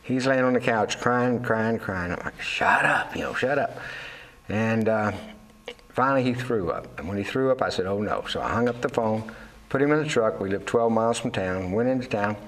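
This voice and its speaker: A man's voice: fairly low pitch, fairly quick. An older man, a Navy veteran and fishing captain, telling his life story candidly in an interview, full of fillers and restarts and acting out the voices of people in his stories. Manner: rambling, with many fillers and restarts.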